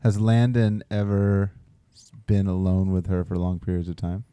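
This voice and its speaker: Low, dark-voiced man telling a story. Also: clean tone, dry recording. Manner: relaxed storytelling with quick restarts. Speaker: podcast co-host. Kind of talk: casual chat.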